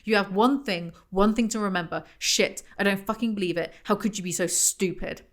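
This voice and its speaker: A woman reading the lines of an angry, controlling young husband who shouts and swears. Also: high-pitched, a little fast. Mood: furious.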